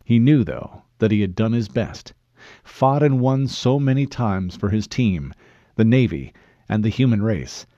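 With a lowish voice, a man reads an audiobook in a deliberate, expressive narrative manner. No room sound can be heard, and the audio is lo-fi.

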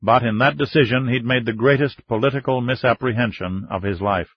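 A male audiobook narrator tells the story in a steady, measured way. His voice is husky and the sound is dry and close, on a dull, muffled recording. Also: medium pitch, no echo.

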